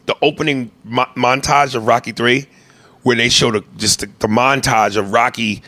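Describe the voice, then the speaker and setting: Over soft background music, this man's medium-pitched voice stays steady yet sharp, moving at a normal pace. Hosting his podcast, he cracks crude, animated jokes in loose conversation and now and then plays a domineering movie director.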